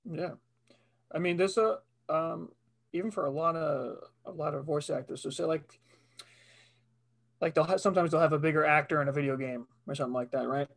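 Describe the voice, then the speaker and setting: A man's voice: a little high, a little fast, gravelly, a bit bright. A man, a voice actor, chatting casually on a podcast and swearing freely. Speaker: voice actor guest.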